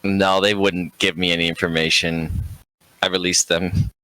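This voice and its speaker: A man's voice: deep voice, little pitch movement, moderate pace, pushed and bright, no room sound, low-quality recording. A man playing a tabletop game, joking in a dry way. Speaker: player. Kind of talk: casual tabletop play.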